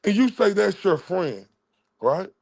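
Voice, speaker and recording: A livestream commentator rants heatedly and confrontationally, swearing a lot and mocking the people he's addressing. His voice sits high with big pitch swings, a little slow, creaky and somewhat dark in tone.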